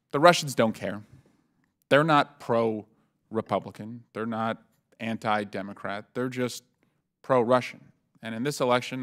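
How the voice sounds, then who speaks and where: Smooth-voiced man questioning at a hearing. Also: medium pitch. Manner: measured questioning with frequent uh fillers. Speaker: congressman questioning witnesses. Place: hearing room.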